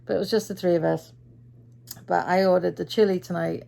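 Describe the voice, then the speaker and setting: A woman's voice: on the low side, fairly even intonation, a little fast, gravelly, mellow. A tired middle-aged woman from Britain, chatting through her day in a casual vlog and acting out what people said. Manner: chatty storyteller, acts out quoted voices. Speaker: vlogger.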